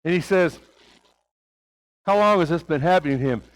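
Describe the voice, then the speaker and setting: A man with a light Oklahoma Southern accent preaches a sermon. His voice sits high for a man and sounds dry and close, with little room around it. He leans on rhetorical questions and moves between hushed, quiet passages and emphatic raised ones. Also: moderate pace, no room sound, low-quality recording.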